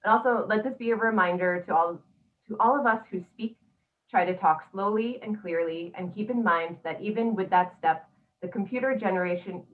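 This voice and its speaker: A woman hosting a webinar, going through housekeeping notes in an orderly, procedural way. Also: mid-range voice. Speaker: webinar host. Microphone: video call. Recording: tinny distant video call audio.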